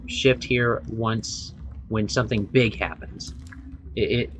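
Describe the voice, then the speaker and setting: A man's voice: fairly low pitch, steady tone, takes it slowly, a bit bright. A man co-hosting a casual group discussion, explaining at length with frequent restarts.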